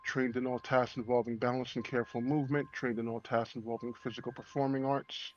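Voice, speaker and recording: A man's voice: mid-range voice, flat delivery, a little fast, dull audio. A man playing a tabletop game, methodically working through his abilities with fillers. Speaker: player. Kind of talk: casual tabletop game play.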